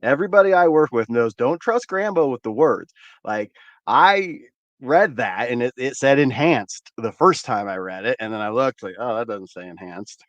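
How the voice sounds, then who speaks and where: A man's voice: medium pitch, lively intonation, normal speed, fairly bright tone, dry recording, lo-fi sound. A man hosting a cannabis channel, chatting casually with viewers in a laid-back, rambling way, often repeating words and swearing freely. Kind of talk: casual livestream chat with viewers.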